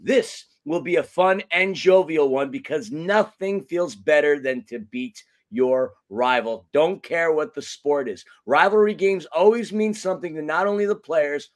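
A man hosting a soccer fan podcast in a casual, joking way. His voice sits a bit high for a man, and he delivers his introductions with playful flourish. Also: measured pace, hardly any pauses. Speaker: podcast co-host. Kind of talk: casual sports podcast chat.

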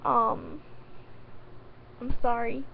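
A tearful woman pleading in a vlog, halting with many ums and restarts and on the verge of crying. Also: a little high, flat delivery, vocal fry, a little hiss or hum. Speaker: vlogger. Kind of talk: emotional direct-to-camera vlog. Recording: dull lo-fi sound.

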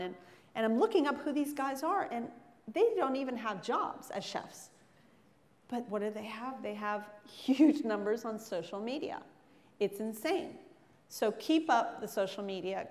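A middle-aged woman, a chef giving a frank, joking guest lecture to students in a large hall. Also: mid-range voice. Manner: joking, frank, self-mocking asides. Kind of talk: candid motivational talk to students. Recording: long hall reverb.

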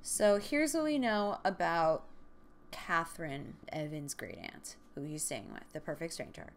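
A woman's voice: low-pitched, animated, measured pace. A young woman hosting a comedic book-recap show, retelling the story with sarcastic jokes and asides. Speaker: podcast host.

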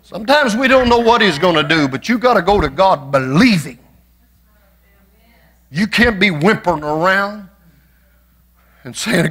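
A male pastor's sermon, delivered in a bright, edgy voice set a little high. He moves between down-home storytelling and soaring, shouted exhortation. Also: expressive, moderate pace, pauses often. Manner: shouting, preaching with rising passion; folksy storytelling with humor.

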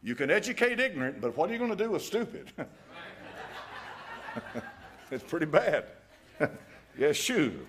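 A man's voice: on the high side, very animated, unhurried, long pauses, a bit bright. A man preaching a sermon in a folksy, emphatic way, chuckling at his own jabs. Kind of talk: fiery evening sermon.

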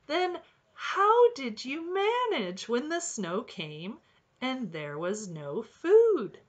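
A woman's voice: sits high, big pitch swings, very slow, dull audio, voice pushed up, exaggerated voice. Woman playing a cheery little robin. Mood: cheery, earnest. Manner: bright, eager and encouraging. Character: cheerful young male robin, wise and earnest.

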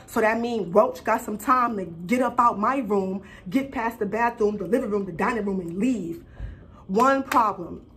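A young woman vlogger telling a personal story in a casual, animated, profane and slangy way. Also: medium pitch, moderate pace.

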